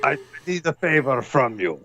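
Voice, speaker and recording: A man putting on a gruff Russian man. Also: mid-range voice, big pitch swings, moderate pace, a bit bright. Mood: pleading.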